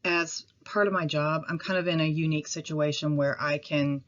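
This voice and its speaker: A woman with a Midwestern accent talks casually into her camera at home. Her voice sits low, and she rambles a little, with pauses and apologies. The recording is dull and lo-fi. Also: fairly even intonation. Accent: Midwestern American. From Midwestern United States. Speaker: vlogger.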